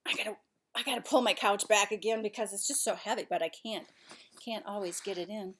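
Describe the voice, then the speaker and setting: A woman's voice: mid-range voice, animated, normal speed. A woman chatting casually to camera at home as she eats, rambling and restarting her sentences. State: out of breath. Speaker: vlogger. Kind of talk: casual chat to camera while eating. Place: her home, kitchen and living room couch.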